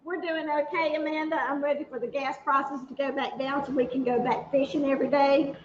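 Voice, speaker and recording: A woman drops short, matter-of-fact remarks in a high voice. Her sound is roomy and echoey. The audio is dull, with a faint hiss. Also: level tone, fairly quick. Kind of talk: casual live chat.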